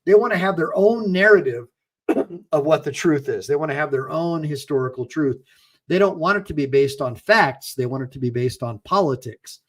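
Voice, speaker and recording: A man's voice: a little high, moderate pace. A middle-aged man delivering a livestream monologue in a slightly raised voice. He talks emphatically and preachily, stumbling and repeating words as he goes. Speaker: attorney and channel host.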